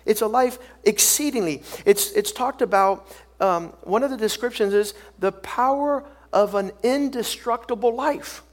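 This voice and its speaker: A man preaching a sermon as pastor, talking loosely with false starts and building to loud, emphatic bursts. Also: high-pitched, a little slow.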